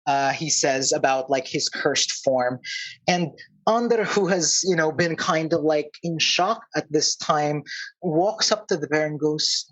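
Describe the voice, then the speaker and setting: An Australian man running a tabletop game, narrating slowly and haltingly with many pauses. His delivery is unhurried and searching. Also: a little high, a bit bright, rough recording. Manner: halting, full of fillers and restarts. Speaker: game master.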